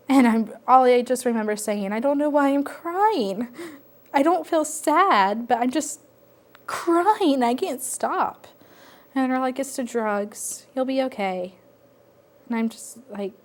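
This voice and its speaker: A woman telling her personal story in a reflective, halting way, with frequent pauses and fillers. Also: medium pitch, a little mellow. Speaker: interviewee sharing personal story. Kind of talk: personal testimony.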